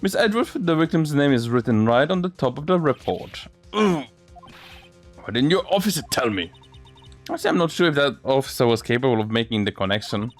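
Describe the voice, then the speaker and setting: A man's voice: mid-range voice, sing-song, fairly quick, close to an everyday voice. A man reading a courtroom game aloud and doing every character's voice himself, sometimes stumbling over words. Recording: faint music behind.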